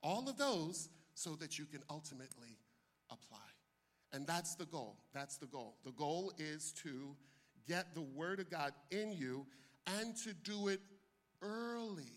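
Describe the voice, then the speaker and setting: An older man, a pastor, preaching a sermon with animated delivery that swings from soft asides to loud bursts. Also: high voice, moderate pace.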